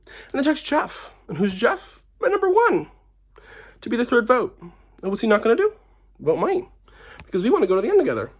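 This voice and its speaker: A man's voice: very high voice, huge pitch swings, a little fast, long pauses, husky. A young man who is tipsy, giving a dramatic, theatrical reality-show confessional and acting out what others said. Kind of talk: confessional to camera.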